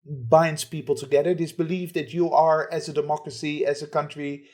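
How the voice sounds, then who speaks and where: A man's voice: on the high side, fairly even intonation, moderate pace, a little mellow. A man hosting a podcast, asking long, wordy, probing interview questions. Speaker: podcast host.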